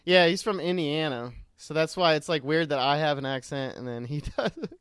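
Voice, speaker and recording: A young man with a mild Southern accent co-hosts a laid-back podcast, laughing at himself as he talks. His voice is smooth and a little high. The sound is close and dry. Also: moderate pace, no room sound. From Cincinnati area, US. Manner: laughs often, relaxed and self-deprecating. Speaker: podcast co-host. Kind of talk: casual podcast chat.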